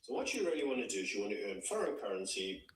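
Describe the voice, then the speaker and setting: Lively-voiced man on a roomy distant call. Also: lowish voice, racing. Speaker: guest. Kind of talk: remote stream discussion.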